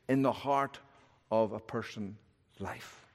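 Man preaching emphatically in a reverberant hall. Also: slow. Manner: emphatic preaching, rising and dropping to hushed lows. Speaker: pastor. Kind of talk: sermon.

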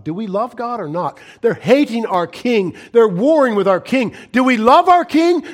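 A middle-aged male pastor preaching a fiery sermon, swinging from loud cries to hushed, low warnings.

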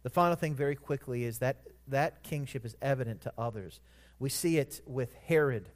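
A man preaching a sermon in a church, earnest, swelling louder on scripture and dropping soft at the ends of phrases. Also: medium pitch, moderate pace. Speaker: pastor.

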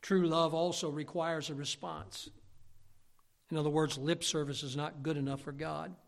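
A male pastor preaching a sermon, swinging from loud, emphatic lines to hushed ones. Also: fairly high pitch, level tone, moderate pace, creaky. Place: church sanctuary. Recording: long reverb of a church hall.

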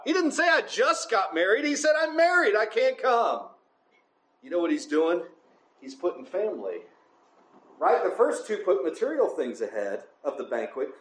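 High-pitched male preacher, conversational sermon delivery. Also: big pitch swings, moderate pace, a bit bright, reverberant, rough recording. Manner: conversational, often asks the congregation "right?".

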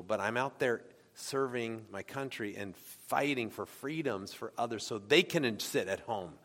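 Man preaching a sermon, casual and questioning, bright tone, long hall reverb. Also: mid-range voice. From United States. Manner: conversational, asks the congregation questions. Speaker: pastor.

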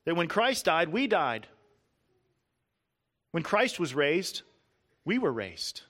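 Earnest male preacher, slightly high voice. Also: big pitch swings. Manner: earnest preaching with emphatic lists and slowed stresses; drops to a soft low voice at key points. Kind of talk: sermon.

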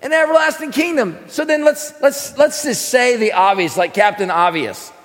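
With a very high, fairly bright voice at normal speed, a preacher instructs a class on scripture in sermon fashion. He asks his listeners questions and answers them on his own, his words followed by a long reverb tail.

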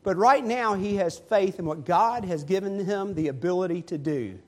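A male preacher delivers a sermon, retelling a story with lively, animated emphasis. His voice sits notably high for a man. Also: moderate pace.

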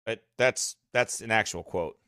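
A pastor chats casually on a livestream, his fairly low voice a little slow, pushed and bright, and slightly strained. He laughs often and is in a goofy mood, captured in clean studio sound with no room sound.

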